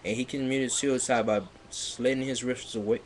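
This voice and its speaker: A man on a livestream reading fan fiction aloud in a mocking dramatic way, sarcastic, with loud outbursts and laughter, sounding a bit stuffy. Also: mid-range voice, fairly even intonation, normal speed, slight background noise. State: slightly stuffy.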